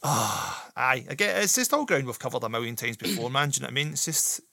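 A man's voice: mid-range voice, very animated, fast, creaky, bright, forceful tone, no room sound, clean studio sound. A Scottish man co-hosting a podcast in casual chat, ranting and swearing freely. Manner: ranty, heavy swearing. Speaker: podcast co-host.

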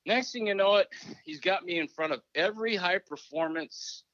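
Animated man telling stories, lo-fi sound. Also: high-pitched, normal speed, dry recording. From Minnesota. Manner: animated, acts out remembered conversations. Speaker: interview guest, former hockey coach. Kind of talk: casual interview storytelling. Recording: dry, dull lo-fi recording.

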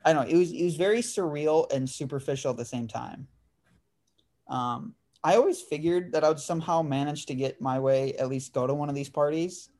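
A man's voice: fairly high pitch, a little fast, a little mellow. A man in his twenties, hosting a podcast, telling a story in casual chat with lots of "dude" and "like". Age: 20s. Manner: laid-back storyteller, says "dude" and "like" often. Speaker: podcast host.

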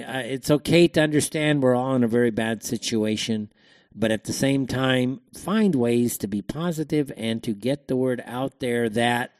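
A man's voice: mid-range voice, darkish tone, dry recording, studio quality. A man hosting a show, giving a rambling, emphatic opinion monologue full of fillers and repeated words. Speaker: show host.

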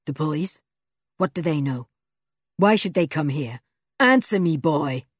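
Casting: woman reading as a cruel mad bearded villain, snarling and bossy, low husky voice, storybook. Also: expressive, unhurried, no room sound, clean studio sound, heavily acted. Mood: panicked. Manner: snarling, commanding.

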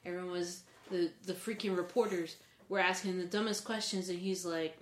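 A woman's voice: on the low side, fairly even intonation, normal speed, a little hiss or hum. A woman co-hosting a podcast, talking casually in a blunt, exasperated way with frequent laughs. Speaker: podcast co-host. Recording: roomy echo.

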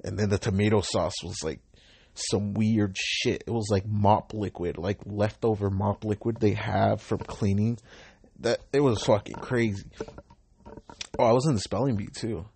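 A man's voice: lowish voice, steady tone, moderate pace, vocal fry, darkish tone, husky. A man in his twenties talking in a loose, rambling monologue full of slang and swearing. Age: 20s.

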